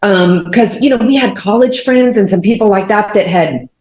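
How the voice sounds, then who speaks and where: A woman in her forties from Texas, telling a personal faith testimony as an animated storyteller who leans on fillers. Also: mid-range voice, normal speed. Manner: animated storyteller, many fillers, acts out quotes. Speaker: guest. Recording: roomy echo.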